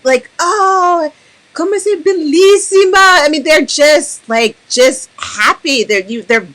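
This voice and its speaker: Bright-voiced American woman hosting a chat. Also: high voice. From United States. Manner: animated storyteller, mimics people she quotes. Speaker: host. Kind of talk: casual chat.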